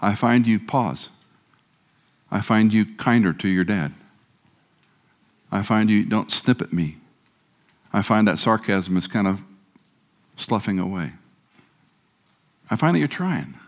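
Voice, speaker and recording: A man's voice: lowish voice, expressive, slow pace, pauses often. A middle-aged man preaching a sermon, joking at times and leading the congregation in repeated recitation. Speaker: guest preacher.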